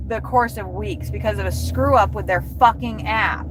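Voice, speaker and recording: A woman's voice: mid-range voice, measured pace, fairly bright tone, a little hiss or hum, poor audio. A woman delivery driver ranting angrily on a livestream from her car, swearing constantly. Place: inside a car while driving.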